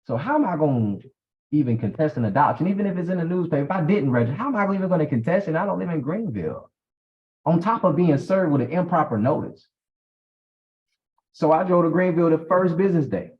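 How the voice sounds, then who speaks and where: A man, telling a personal story as a guest, emphatic and acting out the dialogue. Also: quick pace. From South Carolina. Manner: animated, emphatic, acts out dialogue with big pitch swings. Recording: dull lo-fi audio.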